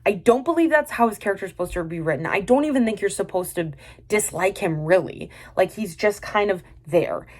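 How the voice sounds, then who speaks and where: A woman's voice: mid-range voice, lively intonation, brisk. A woman reviewing a drama in a casual, exasperated and sarcastic rant, full of fillers and restarts.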